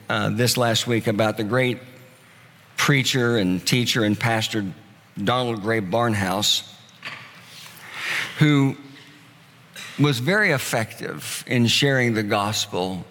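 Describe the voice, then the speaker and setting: Male pastor, sermon, earnest emphatic delivery, mid-pitched voice, long hall reverb. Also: fairly bright tone. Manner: earnest, emphatic preaching with drawn-out repeated phrases.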